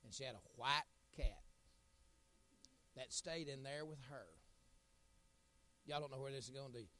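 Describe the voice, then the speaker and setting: A middle-aged man, an evangelist preaching a sermon, telling folksy stories and building to loud, shouted appeals. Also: mid-range voice, moderate pace, slight background noise.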